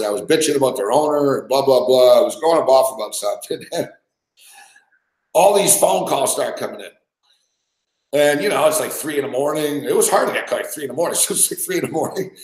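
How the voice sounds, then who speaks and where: Profane rambling man, roomy echo. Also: mid-range voice. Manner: rambling, profane, laughs often. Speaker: podcast host. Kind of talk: casual profane storytelling.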